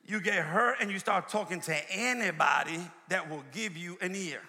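A man's voice: high voice, normal speed, pushed and bright. A man preaching a sermon, emphatic and repetitive, calling out to the congregation. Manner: emphatic call-and-response preaching, repeats phrases. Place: church sanctuary. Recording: long hall reverb.

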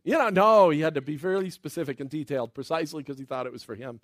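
A man giving a sermon, retelling a Bible story with playful asides and quick impressions of the characters. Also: fairly high pitch, dry recording, clean studio sound. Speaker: preacher.

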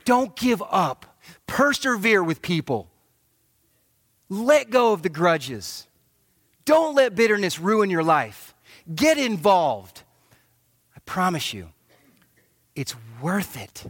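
A middle-aged male pastor preaching a sermon in an animated, joking manner. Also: high-pitched, takes it slowly, pauses often, no echo, clean studio sound. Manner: animated, joking preacher who acts out quotes.

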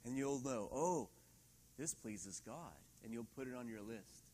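A middle-aged man preaching a sermon in a church hall, lively and laughing often, acting out quoted voices. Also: mid-range voice, measured pace, a little hiss or hum. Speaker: pastor.

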